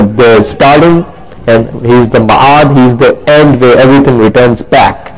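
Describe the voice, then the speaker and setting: A man teaching a religious lecture at an even, middling pitch. He explains step by step in English sprinkled with Arabic terms, pausing to ask his listeners to confirm. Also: poor audio. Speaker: Islamic teacher.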